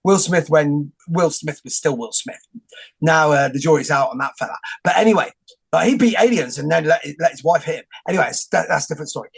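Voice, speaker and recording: Gravelly, higher-pitched male host. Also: fast. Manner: rambling, joking, many restarts. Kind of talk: casual conversation.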